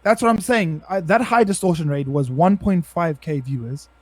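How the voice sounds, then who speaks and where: A young man with a South African accent, chatting casually and slangily on a podcast. His voice sits a little high for a man. The sound is dry and close, with no room echo. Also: moderate pace. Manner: laid-back slangy, says bro often. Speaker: guest streamer.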